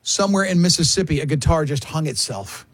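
Husky high-voiced man hosting a radio show. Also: expressive, a little fast, no echo. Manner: reads listener comments aloud, laughing often. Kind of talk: casual studio banter.

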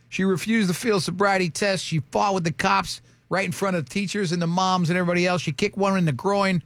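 A man's voice: high-pitched, fairly even intonation, fast, few pauses, fairly bright tone, no room sound. A man hosting a radio show, telling a story in joking casual banter. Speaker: radio host.

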